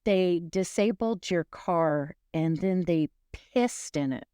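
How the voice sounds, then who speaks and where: A woman narrates a grim case in an easy, conversational way, wandering into asides and restarting her sentences. Her voice sits a little low and clean, taken up close with no room sound. She takes her time with every line. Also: takes it slowly, warm tone, clean tone, dry recording. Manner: rambling, self-correcting, wry asides. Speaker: true crime podcast host. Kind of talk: casual true crime storytelling.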